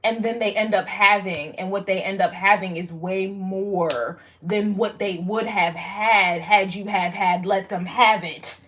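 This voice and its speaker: A young woman giving a casual spoken astrology reading to viewers, rambling and frank, swearing freely and filling pauses with "like" and "um". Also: mid-range voice, fairly even intonation, fairly bright tone, a little hiss or hum. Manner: rambling, frank and profane, lots of fillers. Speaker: tarot and astrology reader.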